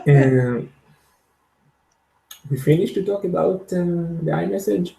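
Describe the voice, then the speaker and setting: Slow, gravelly man. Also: high-pitched, mellow. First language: Hebrew. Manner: halting, searching for words. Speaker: podcast co-host. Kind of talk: casual podcast discussion. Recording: echoey room sound.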